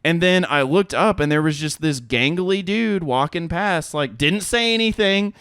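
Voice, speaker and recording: Podcast co-host, man in his 30s: lively, profane storyteller, slightly high voice, dry close sound. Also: moderate pace, clear, resonant tone, no echo. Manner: animated, profane, laughs often, acts out quotes. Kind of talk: casual chat, storytelling.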